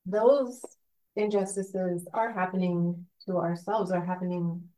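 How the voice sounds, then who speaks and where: A woman from the audience slowly working out a hesitant question, searching for her words as she goes. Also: lowish voice, flat delivery, a crowd in the background, rough recording. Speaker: audience member asking a question.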